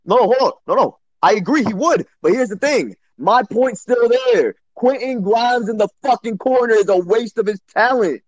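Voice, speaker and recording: A high-pitched man in a heated basketball debate, loud, profane and worked up. His voice is dry and close, with no room sound. He pushes his points hard and talks over the others. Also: lively intonation, moderate pace, few pauses, no room sound, rough recording. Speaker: podcast co-host.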